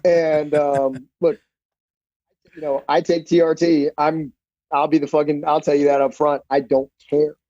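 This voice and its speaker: A middle-aged man tells stories bluntly and swears freely, with an animated delivery. His voice is fairly high but mellow and dark in colour. It comes through a dry, slightly dull podcast recording. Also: measured pace, dry recording. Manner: profane, blunt, animated storyteller. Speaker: podcast guest, black belt instructor. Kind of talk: casual storytelling interview.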